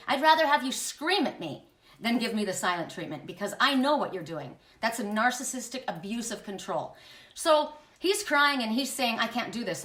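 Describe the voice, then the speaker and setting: A woman's voice: a little high, sharp tone, roomy sound, recorded from a distance. A woman telling a candid personal story in an emphatic, confiding way, with frequent restarts and blunt swearing. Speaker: spiritual channel host.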